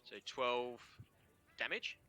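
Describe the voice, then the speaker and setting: A man's voice: mid-range voice, slow, pushed and bright. A man with an Australian accent, the game master narrating a tabletop game in a casual way, trailing off with fillers. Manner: casual, laughs easily, trails off with "um" and "kind of".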